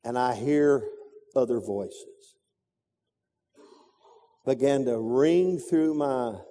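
A man's voice: medium pitch, very slow, warm tone. A man preaching a sermon, telling a story dramatically with sound effects and repetition. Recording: reverberant hall.

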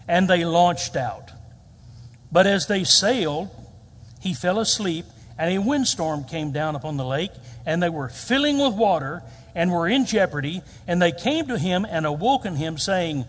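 A man's voice: lively intonation, unhurried, husky. A man, preaching a storytelling sermon and acting out quoted lines. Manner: storytelling, acts out quoted lines with big pitch jumps. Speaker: pastor. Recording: reverberant hall.

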